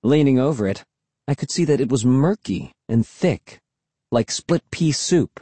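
An audiobook narrator reads a scripted, first-person children's story with an expressive, animated delivery that rises and falls. His mid-range voice is mellow and a bit husky, his pace unhurried, and the recording dry and close with no room sound.

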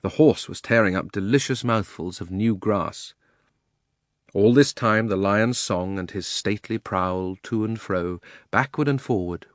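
A man narrating a children's fantasy audiobook in a measured, expressive storytelling manner. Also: fairly low pitch, dry recording, clean studio sound. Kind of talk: audiobook reading.

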